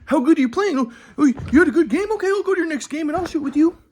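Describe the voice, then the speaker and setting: A man's voice: extremely high pitch, animated, fast talker, darkish tone, pitched above the performer's own voice. A man imitating his father as a sarcastic, short-tempered middle-aged man. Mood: mocking. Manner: scoffing and sarcastic.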